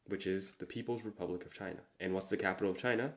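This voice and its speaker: A man hosting a relaxed solo chat, slowly repeating Japanese words as he teaches them. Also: sits low. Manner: relaxed, slow and repetitive when pronouncing words. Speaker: podcast host.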